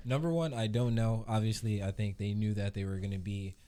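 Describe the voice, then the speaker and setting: A man's voice: on the low side, steady tone, fairly quick, mellow. A man hosting a live reaction show, talking bluntly and profanely with laughing asides. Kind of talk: casual reaction commentary.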